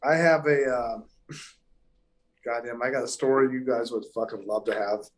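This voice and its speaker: A man's voice: medium pitch, steady tone, moderate pace. A man, a professional golfer, telling stories in casual podcast chat, emphatic and heavily profane. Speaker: pro golfer guest. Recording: echoey room.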